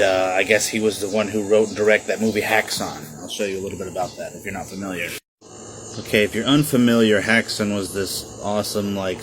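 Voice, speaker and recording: A man's voice: lowish voice, background noise. A man in his thirties talking casually to camera in a home video diary, rambling with many fillers and restarts. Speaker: vlogger documenting his inherited house.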